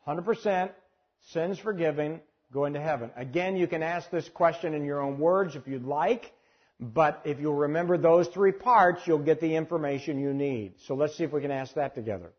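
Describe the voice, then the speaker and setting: A man's voice: on the high side, normal speed, slightly rough, dull audio. A man teaching a church class on sharing faith, talking conversationally and often putting questions to his audience. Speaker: evangelism trainer.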